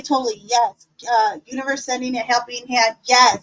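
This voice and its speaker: A high-pitched woman leads a relaxed live-stream tarot class. She is cheerful and encouraging, talking in a chatty way with plenty of fillers. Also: normal speed, low-quality recording. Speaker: tarot teacher.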